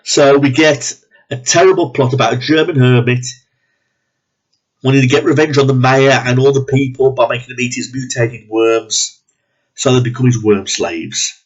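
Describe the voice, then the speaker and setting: A man's voice: medium pitch, fairly even intonation, normal speed, breathy edge. A man ranting bluntly and profanely in a movie review, sounding disgusted and exasperated. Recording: dull lo-fi recording.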